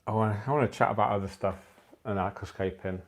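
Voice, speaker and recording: A man in his forties hosts a relaxed aquascaping livestream from his phone, speaking quickly in a low, gravelly voice. He sounds tired but keeps chatting with viewers, cracking jokes and laughing at them himself.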